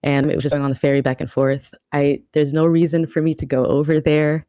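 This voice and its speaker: A woman's voice: low-pitched, level tone, a little fast, warm tone, smooth, no echo, studio quality. A woman from the New York area, a cosplayer guest, chatting casually and rambling with many restarts. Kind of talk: casual podcast chat.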